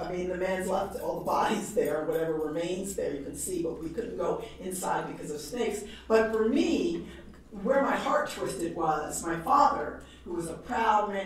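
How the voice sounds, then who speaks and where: Animated woman lecturing in an echoey hall. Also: fairly low pitch, distant mic. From New York. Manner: animated, humorous storytelling with laughs. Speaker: guest lecturer. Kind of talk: storytelling lecture.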